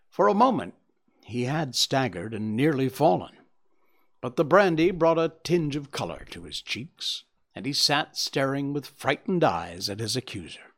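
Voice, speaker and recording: Man narrating a classic story, lively voice. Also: mid-range voice, measured pace. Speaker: audiobook narrator. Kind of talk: reading a classic detective story aloud.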